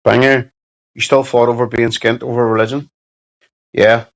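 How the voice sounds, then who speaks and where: A man's voice: mid-range voice, level tone, normal speed, low-quality recording. A man with a Belfast accent chatting casually on a livestream, reading out chat and answering with sweary, mocking banter.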